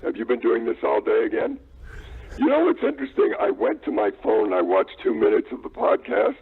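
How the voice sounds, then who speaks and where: A man calling in by phone, trading deadpan teasing banter with a broadcast team. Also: high-pitched, fairly quick, gravelly, slightly rough. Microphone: telephone. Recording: tinny phone line.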